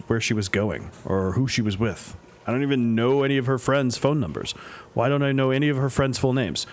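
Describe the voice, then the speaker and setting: A man reading a story game aloud for a let's play, voicing the dad character, with playful joking asides. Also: lowish voice. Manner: playful, joking asides between read lines.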